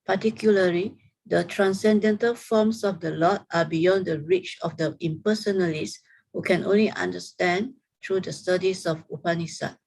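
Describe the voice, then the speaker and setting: Woman reader on a video call: gravelly, husky, low-ish voice, reads scripture steadily and carefully. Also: normal speed, a little mellow, low-quality recording. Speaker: reader in an online scripture study group. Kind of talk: reading scripture aloud.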